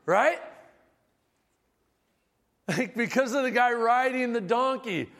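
A man preaching a sermon, telling the story in a casual, animated and humorous way. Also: very high-pitched, slow pace. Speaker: pastor. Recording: long hall reverb.

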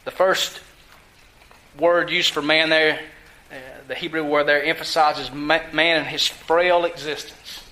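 A man preaching a sermon, teaching from scripture with emphasis and putting questions to his listeners, drawing some words out slowly for stress. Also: on the high side, sharp tone, poor audio. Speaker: pastor.

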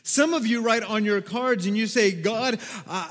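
A man preaching a sermon as a pastor, animated and dramatic, acting out excited crowd voices with loud whoops. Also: high voice, moderate pace. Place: church sanctuary. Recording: long hall reverb.

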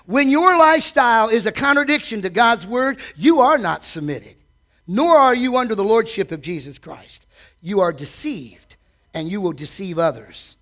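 A man preaching a sermon from a church stage, animated, asking the congregation direct questions and acting out quotes. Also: high voice, normal speed. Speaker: pastor.

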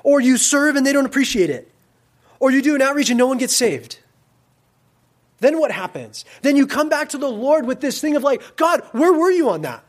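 A man preaching a casual sermon as a youth pastor. He swings between loud, emphatic stretches and quiet, soft-spoken asides. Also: very high voice, normal speed.

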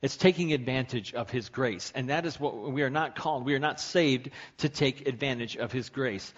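A man's voice: a little high, dull audio. A man preaching a sermon in a conversational, emphatic way, often asking the congregation questions. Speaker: pastor.

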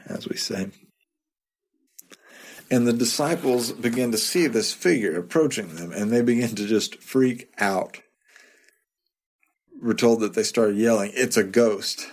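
A man giving a sermon as a pastor, talking in a conversational way, often repeating a word and adding quick asides. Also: fairly low pitch, a little mellow. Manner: conversational, repeats words, chuckles to himself.

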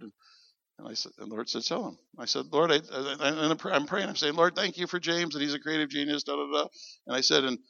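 Male preacher, gravelly and forceful, animated storytelling sermon, dry lo-fi recording. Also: on the high side, no room sound. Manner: animated, acts out quoted dialogue. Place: church. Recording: dull lo-fi sound.

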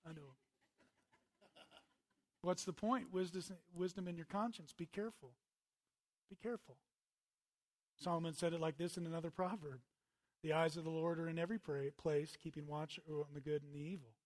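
Casting: male pastor, high voice, chatty sermon delivery with loud peaks and hushed asides. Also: little pitch movement, brisk, pauses often. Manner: conversational preaching, swings from loud bursts to quiet asides.

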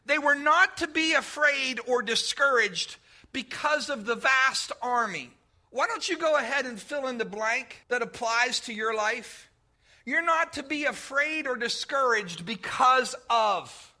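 Man, pastor, sermon, very high voice, sharp tense tone, direct and conversational, shouted emphasis. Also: lively intonation, unhurried. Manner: conversational, addresses congregation directly.

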